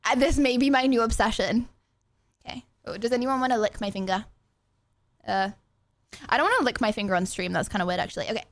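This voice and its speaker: Young woman streamer rambling on to chat, high bright-ish voice, chatty and loose. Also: fast talker, pauses often, no room sound. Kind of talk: casual live-stream chat while eating.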